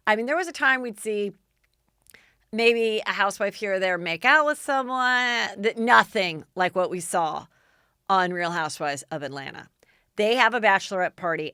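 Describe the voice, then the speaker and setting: A woman hosting a podcast, chatting in a fast, animated, frank and gossipy way. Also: mid-range voice, smooth, no room sound, studio quality. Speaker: podcast host. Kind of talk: casual gossip chat.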